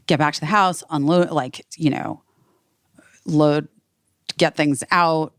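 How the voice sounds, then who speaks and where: A woman's voice: low voice, slow, no echo, clean studio sound. A woman hosting a podcast, telling a story in casual chat with lots of fillers. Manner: animated storytelling with many "like" fillers. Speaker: podcast host.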